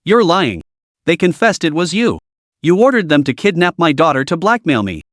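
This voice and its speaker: A man's voice: a little high, very animated, normal speed, fairly bright tone, dry recording. Give me a man playing a cold, commanding young gang boss in a comic recap, curt and menacing, dry close sound.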